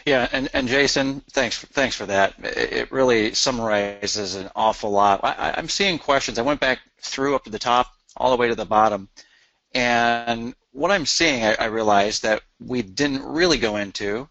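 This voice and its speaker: A man's voice: medium pitch, moderate pace, fairly bright tone, no echo, lo-fi sound. A man co-hosting a webinar, talking casually and often repeating words as he starts. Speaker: webinar co-host. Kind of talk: casual chat.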